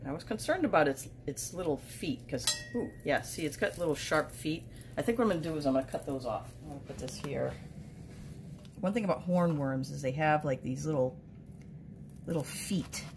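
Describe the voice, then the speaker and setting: Brief: low-pitched woman vlogger, chatty and exclamatory, faint noise in the background. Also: normal speed. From United States. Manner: chatty, excitable, lots of exclamations. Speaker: home and garden vlog host. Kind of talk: casual vlog chat while cooking. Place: home kitchen.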